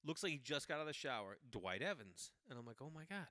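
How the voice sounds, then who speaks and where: This is a middle-aged man, hosting his podcast and telling a rambling story. His voice is bright and smooth, and he is recorded close with a dry sound. He talks in a loose, animated way, often stopping and starting over. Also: medium pitch, fast, no echo. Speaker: podcast host. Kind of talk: casual storytelling monologue.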